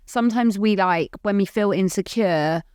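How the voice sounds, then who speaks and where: A woman co-hosting a podcast chats candidly in a rambling, earnest way, leaning heavily on "like." Her voice is medium-pitched, a little mellow, clear and resonant, at a moderate pace. The studio recording is clean with no echo.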